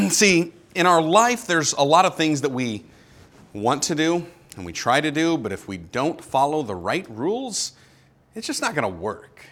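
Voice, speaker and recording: Animated male pastor preaching. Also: a little high, measured pace. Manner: conversational, emphatic preaching with rhetorical questions. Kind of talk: sermon.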